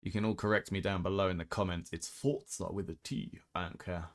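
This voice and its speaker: A man's voice: low voice, steady tone, brisk. Blunt man ranting over racing clips. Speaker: host reacting to racing clips. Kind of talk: casual commentary.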